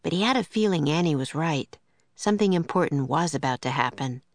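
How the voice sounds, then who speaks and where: A woman narrating a children's storybook in a gentle, steady way. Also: low-pitched, fairly quick, no echo.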